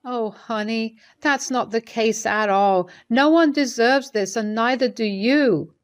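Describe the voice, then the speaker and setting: A woman's voice: a little high, slow, pitched above the performer's own voice. A woman voicing a caring middle-aged mother-in-law who speaks hesitantly and soothingly while reading a story's dialogue. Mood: concerned.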